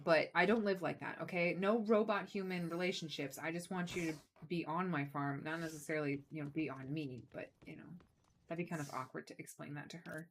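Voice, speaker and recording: A woman's voice: lowish voice, brisk. A woman giving casual, joking commentary while playing a video game and talking back to its characters. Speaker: let's play streamer.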